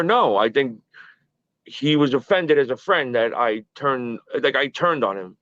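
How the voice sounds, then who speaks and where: A man's voice: medium pitch, expressive, measured pace, a bit bright, no room sound, highs cut off. A man in his early forties, a podcast guest, telling stories in a casual, profane, rambling way. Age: early 40s.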